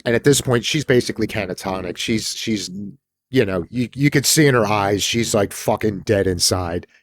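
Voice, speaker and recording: A man hosting a podcast, retelling a film in a casual, animated way, swearing freely and acting out the characters' lines. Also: on the low side, moderate pace, slight background noise. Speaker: podcast host.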